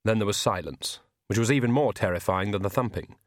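A man with a measured, wry delivery narrating an audiobook on a close mic. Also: fairly low pitch, dry recording. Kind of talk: scripted narration.

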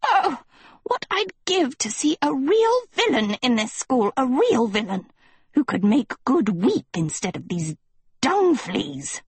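A woman doing a shrill, sneering witch teacher. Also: very animated, slow pace, slightly rough, no room sound, heavily acted. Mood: scornful. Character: cruel shrill female witch teacher, furious.

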